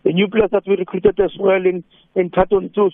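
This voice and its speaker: South African male coach, gravelly high voice, tinny phone line, dry. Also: little pitch movement, fairly quick, no room sound. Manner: laughing, mixes English with isiZulu. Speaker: football coach. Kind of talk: phone interview.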